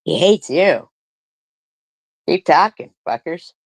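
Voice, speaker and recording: Taking it slowly in a lowish, expressive voice, a woman streamer reads out comments and fires back at her critics with profane mockery and sarcastic rhetorical questions. The audio has no echo.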